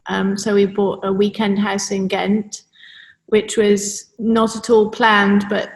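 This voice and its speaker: A middle-aged woman from England, giving an interview in an unhurried way, pausing with fillers. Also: medium pitch, creaky. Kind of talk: casual interview. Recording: roomy echo.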